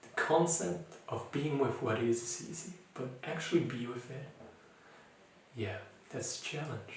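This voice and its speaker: Soft-spoken man, distant and echoey. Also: medium pitch, unhurried, slight background noise. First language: not English. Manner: gentle, searching, with many fillers and restarts. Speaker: mindfulness teacher. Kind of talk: informal recorded talk. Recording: echoey room, voice from far off.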